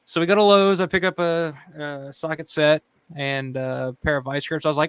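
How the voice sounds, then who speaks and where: Smooth-voiced man telling a casual story. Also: on the high side, a little fast, few pauses, a bit bright, no room sound. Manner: swears freely, laughs often, acts out quotes. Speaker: channel host.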